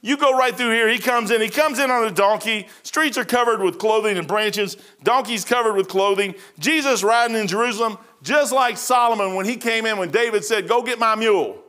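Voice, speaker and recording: Middle-aged pastor guy, kinda high voice, rambling folksy preaching, lots of restarts. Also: fairly quick, hardly any pauses, bright, forceful tone. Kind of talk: sermon.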